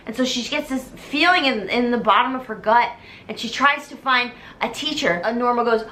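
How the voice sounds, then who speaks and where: A young woman, a little tipsy, retelling a musical as comedy, animated and full of "like" fillers, dropping into quick character voices. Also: a little high.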